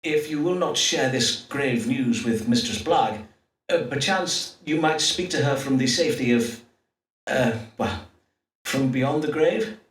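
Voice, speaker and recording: An actor voicing an Elizabethan astrologer-doctor who speaks in measured, formal old-fashioned phrases with hesitant fillers, in a game. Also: male voice, mid-range voice, lightly acted. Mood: grave. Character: Elizabethan astrologer-doctor, pompous yet awkward. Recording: distant roomy game audio.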